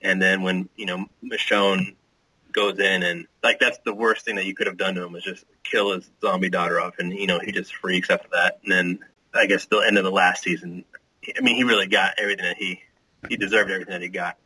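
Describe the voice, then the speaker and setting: Man, very low pitch, husky, sharp tone, casual podcast recap. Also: steady tone, brisk, no room sound, low-quality recording. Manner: loose, filler-heavy recap. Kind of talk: casual TV chat.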